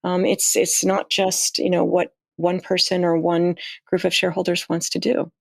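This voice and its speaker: A woman guest in casual conversation, telling stories in a chatty, animated way with frequent restarts. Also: lowish voice, moderate pace, gravelly, dry recording. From United States. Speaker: astronaut guest.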